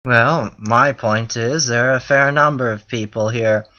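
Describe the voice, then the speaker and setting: A cocky rogue lounges with his feet up and talks smugly and easily, as a man voices him in a tabletop game. His voice is very bright and sharp. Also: medium pitch, a little slow, dull audio. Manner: smug, laid-back. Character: cocky young male rogue recruiting allies.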